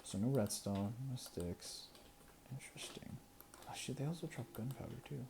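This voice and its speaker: Talking to themselves as they play a game, a creator counts in a murmur, gives little chuckles and sometimes whispers. The mid-range voice is creaky and moderately paced, and the background is noisy.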